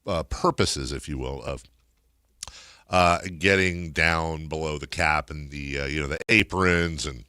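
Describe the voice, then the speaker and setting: Deep-voiced rambling radio host man. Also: a little slow, sharp tone, clean tone, dry recording, studio quality. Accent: American. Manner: chatty, rambling with many fillers. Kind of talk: casual sports radio banter. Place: radio studio. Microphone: studio microphone.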